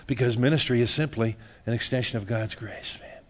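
A man's voice: mid-range voice, fairly quick, hardly any pauses, a bit bright. Middle aged pastor guy preaching loose and jokey, keeps saying man, laughs a lot. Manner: laughing, joking, says "man" often. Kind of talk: casual sermon.

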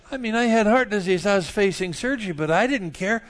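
A middle-aged man preaching a sermon, telling stories and swinging from quiet asides to loud outbursts. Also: high-pitched, expressive, fairly quick, hardly any pauses, slight background noise. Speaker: pastor. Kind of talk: sermon with storytelling.

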